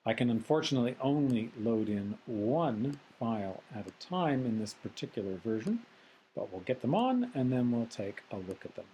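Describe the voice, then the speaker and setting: A man teaching a recorded software tutorial lecture, methodical and explanatory with frequent ums. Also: mid-range voice, big pitch swings, moderate pace, a little hiss or hum, rough recording. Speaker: instructor.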